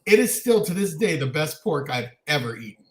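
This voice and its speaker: A man with a fairly high voice tells stories in a lively, animated way, laughing as he goes. His casual chat sounds echoey, as if recorded in a bare room. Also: brisk. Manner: animated storyteller, laughs often. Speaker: co-host.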